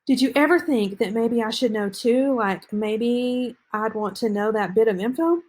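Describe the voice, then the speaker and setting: A flustered young man from a novel, given a husky, breathy tone as a woman reads his lines aloud. He talks in a plain, read-aloud way, with hardly any change of voice. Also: on the high side, moderate pace, darkish tone, natural voice.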